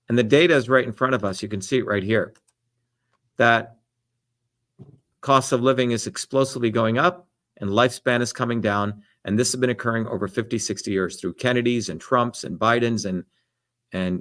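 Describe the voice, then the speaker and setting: A man's voice: mid-range voice, fairly bright tone. A middle-aged man answering debate questions on a live stream, emphatic and lecturing in tone. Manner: emphatic, lecturing, repeats "the reality is".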